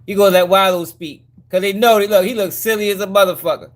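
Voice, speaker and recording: A man's voice: high voice, steady tone, quick pace. A man hosting a commentary channel, reacting to clips in a mocking, profane way with frequent laughs.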